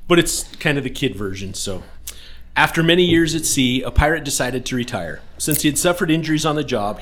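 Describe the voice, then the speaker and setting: A man co-hosting a podcast, telling a joke in a playful, storytelling way. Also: mid-range voice. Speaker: podcast co-host.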